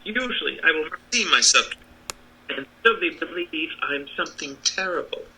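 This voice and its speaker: An American man voicing a meek little humbug wizard, talking in a quavering, hushed voice that often drops to a whisper. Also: a little high, expressive, moderate pace, a little hiss or hum, pitched above the performer's own voice, heavily acted, poor audio. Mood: confessing.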